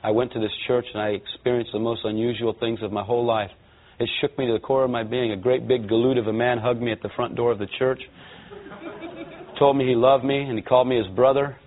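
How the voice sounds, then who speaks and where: A man from Los Angeles giving a lively personal testimony to a church audience, acting out the voices in his story. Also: medium pitch, fast talker. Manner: lively storyteller who acts out voices and quotes. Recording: tinny, narrow-band sound.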